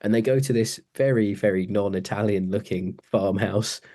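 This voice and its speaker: Man, podcast co-host, low-pitched, chatty and laughing, acts out scenes. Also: normal speed, warm tone. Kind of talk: casual chat.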